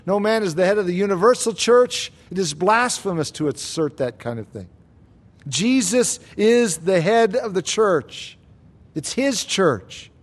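Emphatic high-voiced male preacher. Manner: emphatic, slows down and rises on key claims; asks the congregation rhetorical questions. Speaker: pastor. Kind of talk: expository sermon.

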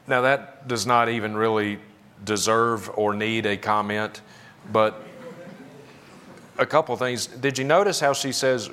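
A man's voice: lowish voice, a little slow, long pauses, fairly bright tone, slight background noise. A man preaching a sermon, commenting on clips with sarcastic, critical emphasis. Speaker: pastor.

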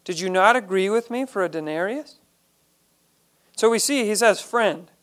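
A man's voice: sits high, lively intonation, normal speed, fairly bright tone. A man leading a Bible study, reading each verse aloud and then explaining it in plain, earnest terms.

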